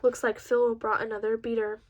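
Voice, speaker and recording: Woman reading as a guarded young guy, terse and blunt, fairly high voice, little melody. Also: level tone, normal speed, lo-fi sound, close to an everyday voice. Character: wary young man, blunt and frowning.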